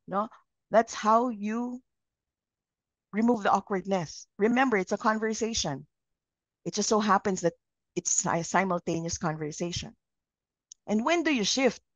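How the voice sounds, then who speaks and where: A woman with a Filipino accent and a mid-range voice leads a live communication training in Taglish, drawing the group in with questions. There's no room sound, and the recording has a dull, lo-fi quality.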